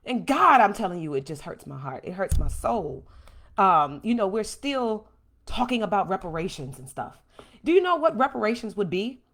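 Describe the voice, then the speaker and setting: There's a little hiss or hum behind this woman's medium-pitched, normal-speed voice as she hosts a home livestream. She sounds impassioned and animated while reading and answering viewer comments.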